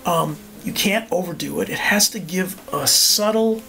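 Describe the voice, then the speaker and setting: An older man, a musician and arranger, telling animated stories as a guest in a podcast interview and acting out the voices of people he quotes. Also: sits high, normal speed, gravelly.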